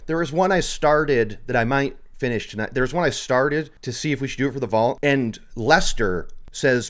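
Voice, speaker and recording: A man co-hosting a podcast in casual chat, animated and jokey, sometimes tripping over his words. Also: medium pitch, brisk, hardly any pauses. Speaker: podcast co-host.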